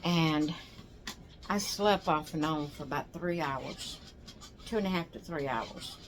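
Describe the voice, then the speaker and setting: Worn out older lady rambling on her doll vlog, lowish voice, bit of hiss behind. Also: unhurried. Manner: rambling, tired, yawning. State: exhausted. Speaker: doll channel host. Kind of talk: casual chat to camera.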